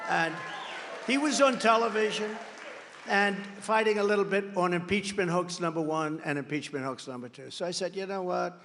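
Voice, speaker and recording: Older American candidate, raised pitch, rambling rally boasts, long hall echo. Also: male voice, moderate pace, some chatter behind, a little hiss or hum. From United States. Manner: rambling, boastful, bursts of shouting. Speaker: political candidate. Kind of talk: campaign rally speech. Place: large rally venue.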